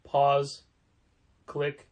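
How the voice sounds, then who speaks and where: A man co-hosting a casual podcast, speaking in a measured, deliberate way as he complains. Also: mid-range voice, monotone, a little mellow. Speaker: podcast co-host, comic shop co-owner.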